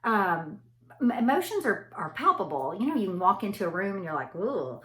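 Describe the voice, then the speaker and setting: Woman, middle-aged, casual motivational chat, mid-pitched, roomy echo. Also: big pitch swings, brisk. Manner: chatty storyteller addressing listeners directly. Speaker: anesthesia provider. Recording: echoey room.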